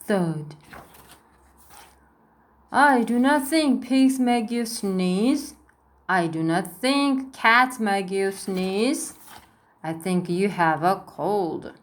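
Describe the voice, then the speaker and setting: A woman reading a storybook aloud, voicing a calm cat doctor in a steady, reassuring tone. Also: medium pitch, very slow, pauses often, voice pushed down.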